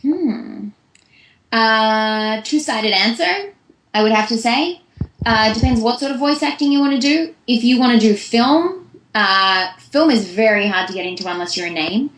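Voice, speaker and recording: A woman's voice: on the high side, lively intonation, measured pace, a bit bright, reverberant, rough recording. A young woman, a voice actress, giving chatty, long-winded answers in a casual interview. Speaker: voice actress guest.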